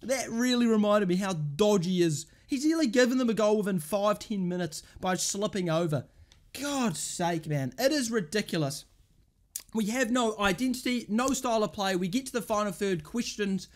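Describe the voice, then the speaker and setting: A woman's voice: mid-range voice, expressive, normal speed, darkish tone. A woman hosting a football fan channel, ranting angrily about her team with lots of swearing and exasperation. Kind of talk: angry match rant.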